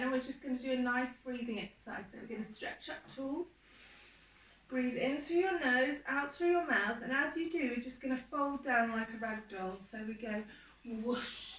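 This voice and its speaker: Bright-voiced woman guiding kids' yoga. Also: sits high, distant mic, slight background noise. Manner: soft, encouraging step-by-step instructions. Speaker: children's yoga teacher. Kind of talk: guided kids' yoga class. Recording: echoey room, voice from off-mic.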